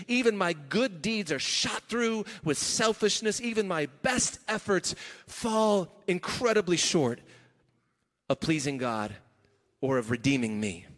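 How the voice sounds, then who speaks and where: A man's voice: high voice, sing-song, a little slow, a bit bright, big-room sound. A male pastor preaching a sermon, talking in a conversational, emphatic way with chuckles and restarts, in a church sanctuary.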